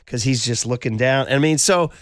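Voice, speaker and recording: A man's voice: mid-range voice, normal speed, no room sound. A middle-aged man hosting sports talk radio in a studio, telling stories with lots of fillers. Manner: animated storytelling, frequent fillers.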